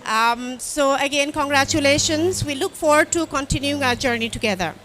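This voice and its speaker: A high-pitched woman in her fifties speaks on a conference panel, bold and emphatic, with frequent "um"s and "uh"s. The soft hum of a conference pavilion sits faintly behind her voice. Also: normal speed. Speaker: panel speaker, development bank director. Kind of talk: impassioned panel remarks.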